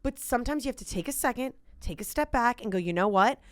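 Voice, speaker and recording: A woman's voice: a little high, fast, no room sound. A woman in her thirties chatting casually as a podcast guest, telling stories about herself with a self-deprecating, chatty manner. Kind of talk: casual chat.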